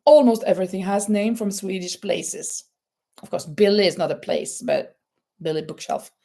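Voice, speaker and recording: A woman's voice: medium pitch, a little mellow. A woman with a Norwegian accent chatting casually on a live stream, laughing often and reading out viewer comments. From Norway. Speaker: crochet channel host.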